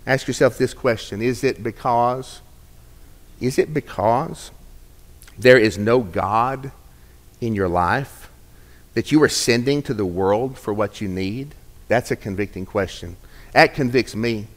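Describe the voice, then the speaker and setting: A male pastor preaching a sermon, swinging from hushed, slow phrases to emphatic, raised lines. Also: mid-range voice, long reverb tail.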